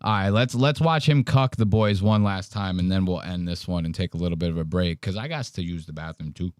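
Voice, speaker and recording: A man's voice: sits low, fairly quick, darkish tone, clear, resonant tone, dry recording. Male podcast host, casual profane banter, dry sound. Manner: profane, joking, acts out quotes. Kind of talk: casual reaction chat.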